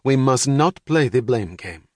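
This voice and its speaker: A man's voice: medium pitch, expressive, unhurried, darkish tone, no echo, clean studio sound, voice pushed up. A man voicing a fussy middle-aged mother who speaks in a precise, formal way without contractions. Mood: stern.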